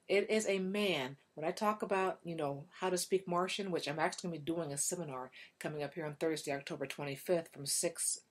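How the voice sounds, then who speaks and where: A woman relationship coach speaking straight to her viewers in a casual, chatty manner. She is animated and talks to the audience directly. Her voice sits a bit low for a woman. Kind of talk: casual direct-to-camera talk.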